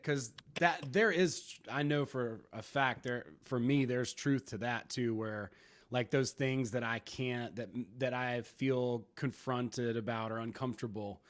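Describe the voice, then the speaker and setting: A man in casual podcast conversation, musing in a reflective, rambling way with casual swearing. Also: mid-range voice.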